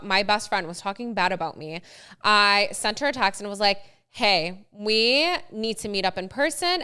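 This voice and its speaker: A young woman co-hosting a podcast, telling a story in a casual, animated way, acting out quotes and saying "like" a lot. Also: medium pitch, clear, resonant tone. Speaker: podcast co-host. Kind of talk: casual chat.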